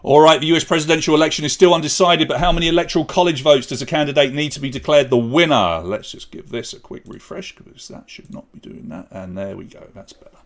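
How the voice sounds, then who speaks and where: A man's voice: on the high side, quick pace, few pauses, a little hiss or hum. A man hosting a live online pub quiz, chatty and jokey as he reads out questions and scores. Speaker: quiz host.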